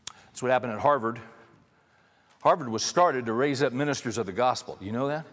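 A man's voice: medium pitch, brisk, in a large hall. A man preaching a sermon to his congregation, emphatic and conversational, driving points home through repetition. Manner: emphatic, repeats key phrases for stress; conversational, addresses the congregation directly. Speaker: pastor.

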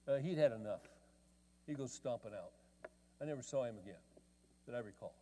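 Middle-aged pastor with a hall echo. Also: male voice, medium pitch, lively intonation, brisk, warm tone. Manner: conversational storytelling with quoted dialogue. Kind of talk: sermon. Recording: long reverb of a large hall.

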